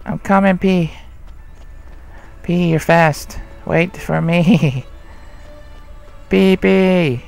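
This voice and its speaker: A man's voice: sits high, steady tone, drawn-out words, gravelly, long pauses, darkish tone, faint music behind, full character voice. A man voicing a polite, earnest young boy in a game.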